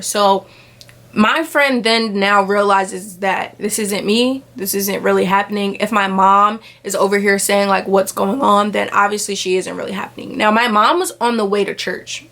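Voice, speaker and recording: Woman, young adult, casual storytime, lively retelling, lots of "like". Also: medium pitch, moderate pace. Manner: animated retelling, acts out quoted voices, filler "like" often. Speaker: vlogger.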